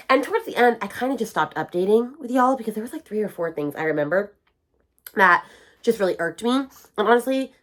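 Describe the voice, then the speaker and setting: An animated woman with a twang chats through a casual reading vlog. She rants about books and slips into quick voices for the characters she quotes. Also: mid-range voice. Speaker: book vlogger.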